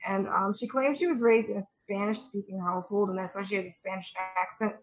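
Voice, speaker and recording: A woman's voice: mid-range voice, steady tone, soft background music, poor audio. Snarky, slangy young woman. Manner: snarky, slangy, quick asides. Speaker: podcast co-host. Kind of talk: casual gossip chat.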